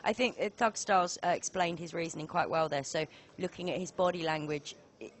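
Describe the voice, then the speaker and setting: Excitable woman co-commentator on a poker stream, chatty, easily worked up. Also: fairly low pitch, a little fast. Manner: chatty, excitable, self-mocking.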